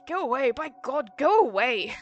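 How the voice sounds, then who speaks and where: A woman voicing a crabby old male butler who scolds loudly and indignantly. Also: high voice, very animated, normal speed, highs cut off, voice pushed up.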